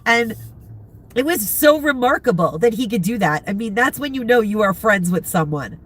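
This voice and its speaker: A middle-aged, congested woman chatting casually with viewers from inside a car, rambling and pausing to recall names. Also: fairly high pitch, lively intonation, fairly bright tone, slight background noise. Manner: rambling, chatty, searching for names, frequent laughs. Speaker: vlogger chatting with live viewers. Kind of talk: casual chat.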